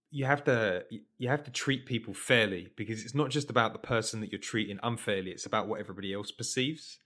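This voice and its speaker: A man's voice: on the low side, fairly bright tone. A man co-hosting a podcast, talking casually and thoughtfully about football, with hesitant starts. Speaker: podcast co-host.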